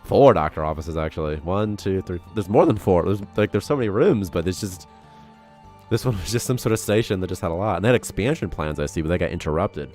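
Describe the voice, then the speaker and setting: A deep-voiced man chatting loosely through a game development stream, wandering from topic to topic. His sentences ramble and fill up with "like" and small laughs. Soft music runs faintly behind him. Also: expressive, fast talker. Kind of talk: casual live-stream chat.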